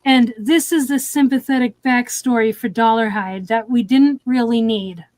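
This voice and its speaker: A woman's voice: fairly high pitch, moderate pace, a little mellow, dry recording. A woman hosting a casual movie review chat, recapping scenes with lots of "um"s. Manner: retelling scenes with many fillers. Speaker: podcast host.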